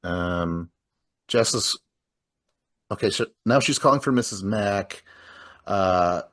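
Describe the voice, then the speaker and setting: Male co-host, lower voice, loose animated film recap with acted-out quotes. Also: slow. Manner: animated, acts out characters' lines mid-retelling; swears and laughs often. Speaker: podcast co-host. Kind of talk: casual movie recap chat.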